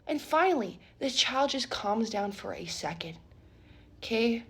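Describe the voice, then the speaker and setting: Young woman, breathy, slightly high voice, animated storytime vlogger. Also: unhurried. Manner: animated, dramatic retelling with repeated "okay?". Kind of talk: casual storytime vlog.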